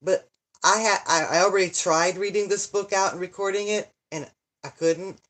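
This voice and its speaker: A woman's voice: mid-range voice, normal speed, a bit bright. An older woman, a channel host who reads books aloud, chatting casually and rambling, interrupting herself and sighing over a tedious book. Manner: rambling, self-interrupting, dramatic sighs and complaints. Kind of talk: casual live chat and reading.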